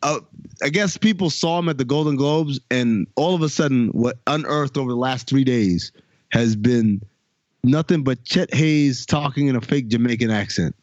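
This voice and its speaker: Dull-sounding podcast host, dry mic. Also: male voice, mid-range voice, moderate pace, a little mellow, dry recording. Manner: storytelling, reads jokes aloud with laughs. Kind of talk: casual podcast chat.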